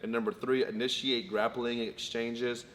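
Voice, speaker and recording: A man's voice: medium pitch, flat delivery, normal speed, fairly bright tone. A man co-hosting a casual fight breakdown, laying out his points methodically and in order. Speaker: co-host, fight analyst. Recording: long reverb, faint background noise.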